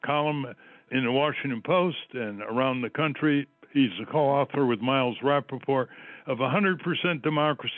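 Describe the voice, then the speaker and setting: A man hosting a radio interview, brisk and lively, heard over a phone line. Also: fairly high pitch, dry recording. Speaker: radio host.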